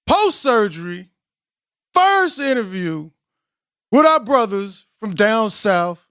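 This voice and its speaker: A man hosting a casual podcast interview, excitable and playful, slurring now and then and stumbling over names. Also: high voice, takes it slowly, clear, resonant tone, no echo, studio quality. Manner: hyped and playful, keeps telling himself to calm down. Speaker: podcast host.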